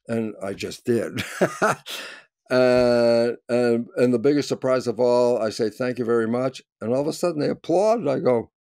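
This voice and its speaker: An older man, a scientist, telling a story in conversation with lively energy, acting out quoted voices and rising to near shouts. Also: medium pitch, moderate pace, dry recording. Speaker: guest scientist.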